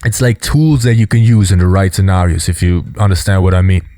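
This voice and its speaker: A man hosting a casual video commentary, explaining in a relaxed way with lots of fillers. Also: low-pitched, brisk, slight background noise. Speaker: host.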